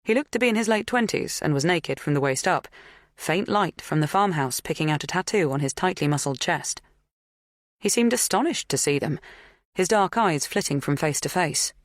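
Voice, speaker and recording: An audiobook narrator reading a thriller in an even, measured way. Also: mid-range voice, no room sound, clean studio sound.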